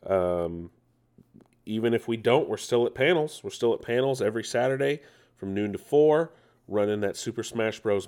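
A man's voice: lowish voice, darkish tone. A man hosting a casual nerd news show, playful and rambling, full of jokes and asides to himself.

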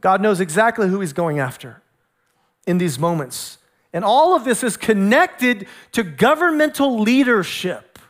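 A man, a pastor, preaching a sermon with lively storytelling, acting out voices as he goes. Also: sits high, unhurried.

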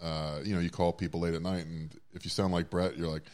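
Super deep voiced dude on a podcast, swears a lot, talks in long winding bits. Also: male voice, little pitch movement, fast, darkish tone. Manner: wordy, profane, self-deprecating. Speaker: podcast co-host. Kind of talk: casual chat.

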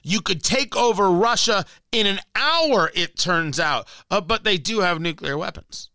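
A man's voice: high voice, lively intonation, a little slow, pushed and bright, no echo, studio quality. A man hosting a talk radio show, rambling in a monologue full of stammered restarts and sarcastic asides.

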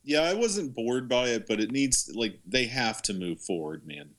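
Guy, mid voice, really lively, argues his movie takes. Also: medium pitch, moderate pace. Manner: argumentative, analytical, calls people man. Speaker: podcast co-host. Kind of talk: casual movie review chat.

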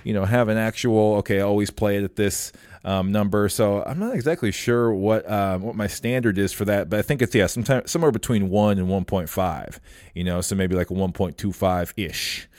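A low-pitched man hosts a casual podcast chat, pausing often on fillers and restarting his sentences. His voice sits deep, and the recording is dry and close with no room sound. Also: steady tone, darkish tone, no echo. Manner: halting, many fillers and restarts. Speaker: podcast host.

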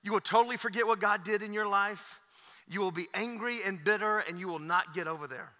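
A man's voice: high-pitched, a little fast, bright, forceful tone. A pastor in his thirties preaching a sermon in a church, emphatic and repetitive, with many fillers. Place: church sanctuary. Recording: echoey church hall.

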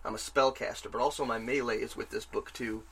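Bright-voiced man ranting about games. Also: medium pitch, fairly quick, slightly rough. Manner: rambling, excitable, swears freely. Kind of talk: casual game chat.

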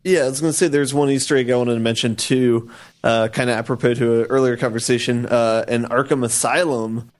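A man with an average-pitched voice shares an anecdote in a casual group chat. He talks quickly and keenly. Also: fairly even intonation.

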